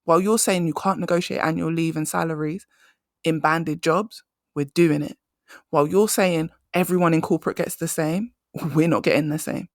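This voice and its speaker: A woman's voice: sits low, fairly even intonation, normal speed, no echo, clean studio sound. Emphatic woman coaching. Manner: emphatic, storytelling, conversational. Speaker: career coach, podcast host. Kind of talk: solo podcast monologue.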